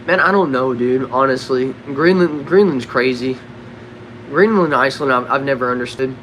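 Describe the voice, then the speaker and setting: A young man with a Southern accent from Texas, casually answering chat questions on a livestream in a relaxed, drawling way. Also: medium pitch, moderate pace, a little hiss or hum. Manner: laid-back, drawling, says bro and dude a lot. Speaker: livestream host reading chat. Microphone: desk microphone.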